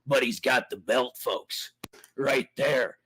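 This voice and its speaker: A man's voice: medium pitch, slow, a bit bright, slightly rough. A man ranting theatrically and preachily on a livestream about spiritual matters. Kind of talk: rambling livestream rant.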